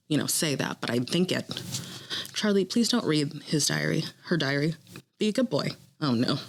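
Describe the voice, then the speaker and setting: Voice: medium pitch, slight background noise. A podcast co-host giving blunt, sarcastic running commentary while watching a show, swearing freely.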